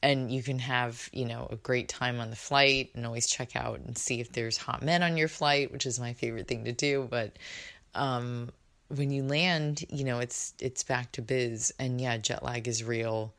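A woman's voice: extremely low pitch, steady tone, normal speed, a bit bright. A woman hosting a podcast in casual chat, bubbly and rambling, laughing often, recorded indoors. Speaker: podcast host. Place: indoors in London.

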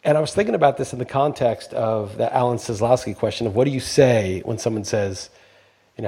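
A man's voice: medium pitch, fairly quick, gravelly, mellow, slightly rough. A man co-hosting a casual podcast chat, blunt and profane, working himself into heated rants. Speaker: podcast co-host.

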